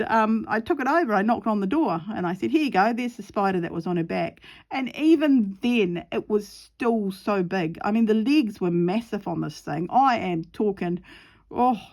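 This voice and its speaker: A woman's voice: medium pitch, a little mellow. A middle-aged woman chatting casually while she sews, laughing often and acting out the voices in her story. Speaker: craft vlogger.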